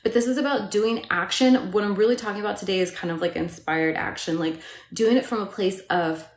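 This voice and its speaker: A woman's voice: mid-range voice, brisk. Chatty woman coach in a roomy space. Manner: chatty, lots of "like" and "right?", laughs often. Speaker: manifestation coach. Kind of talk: casual live-stream talk to viewers. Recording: roomy echo.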